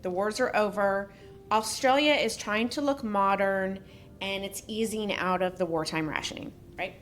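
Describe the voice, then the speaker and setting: A woman's voice: mid-range voice, moderate pace, fairly bright tone, a little hiss or hum. Chatty woman telling a history story. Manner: reads a prepared story, then drifts into joking asides. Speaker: podcast co-host. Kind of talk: casual storytelling podcast.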